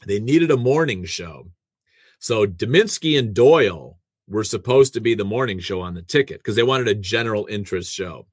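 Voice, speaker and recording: Radio man, lowish voice, dry close mic, chatty self-deprecating storyteller. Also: lively intonation, normal speed, slightly rough, no echo. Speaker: radio host and producer. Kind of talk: casual conversational storytelling.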